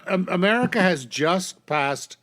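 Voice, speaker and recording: A man with a fairly high voice co-hosts a casual political chat. He speaks earnestly, pausing often and filling gaps with hesitant sounds as he builds his point. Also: lively intonation, a bit bright. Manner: earnest, halting with many fillers.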